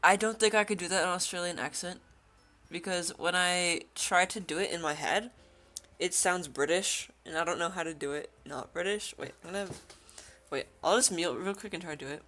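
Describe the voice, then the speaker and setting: Young woman, game streamer, bright tense voice, giggly, chatty, casual. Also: on the low side, fairly quick, faint music behind. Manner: giggly, chatty, laughs often. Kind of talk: casual livestream chat and reading game text aloud.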